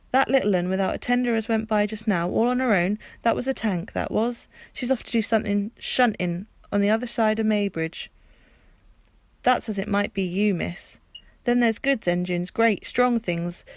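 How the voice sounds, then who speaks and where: A chatty working-class railway porter from a storybook, voiced by a woman reading aloud. He explains things in a folksy, patient way, in a mid-pitched voice. The sound is dry and close. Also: dry recording, lightly acted.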